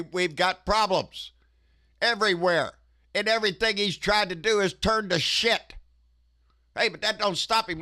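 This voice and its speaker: Man, high-pitched, forceful bright voice, profane folksy ranting host. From Texas. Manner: profane, folksy, keeps tagging "baby". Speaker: political commentary host. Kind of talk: casual ranting commentary.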